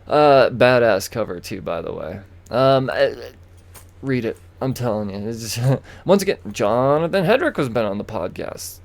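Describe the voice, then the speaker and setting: A man's voice: medium pitch, darkish tone. A man hosting a casual solo podcast, rambling and chatty, repeating himself and breaking off into asides. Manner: rambling, chatty, self-interrupting with fillers and repeats. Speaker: podcast host. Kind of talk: casual solo comic book chat.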